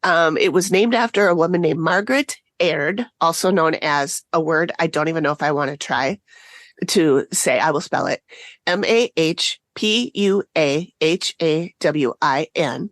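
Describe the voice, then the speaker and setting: A woman co-hosting a podcast talks in a low-ish voice, chatty and quick to laugh as she tells a story. Her voice sits dry and close to the mic, with no room sound around it. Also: no echo. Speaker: podcast co-host. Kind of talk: casual chat.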